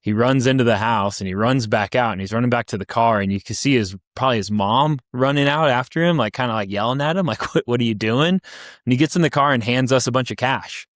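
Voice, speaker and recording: A man's voice: medium pitch, fast talker, few pauses, a bit bright, dry recording, clean studio sound. A young American man co-hosting a podcast, telling a personal travel story in a rambling way with many restarts. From United States. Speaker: podcast co-host.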